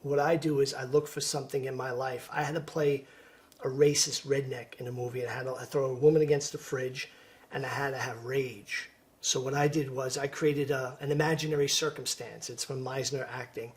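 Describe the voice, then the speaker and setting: A man, an actor, speaking in a soft-spoken, earnest way as a podcast guest. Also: medium pitch, fairly even intonation, brisk. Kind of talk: casual interview chat.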